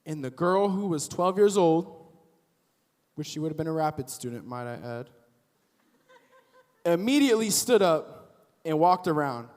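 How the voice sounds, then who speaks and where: A young man giving a casual, animated youth sermon as a youth pastor, acting out the people in the story as he goes. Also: a little high, unhurried, pauses often. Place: church auditorium. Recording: long hall reverb.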